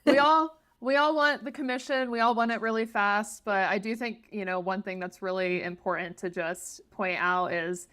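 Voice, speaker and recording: A woman's voice: medium pitch, pushed and bright. Upbeat woman podcast host. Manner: upbeat, encouraging, quick to laugh. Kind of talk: casual interview chat.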